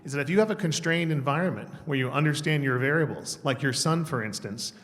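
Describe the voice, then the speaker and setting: A man's voice: fairly high pitch, fast, a bit bright. A man in the audience at a conference who politely disputes a point, correcting himself as he goes. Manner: polite but argumentative, self-correcting. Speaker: audience member asking a question. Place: large conference hall. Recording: hall reverb.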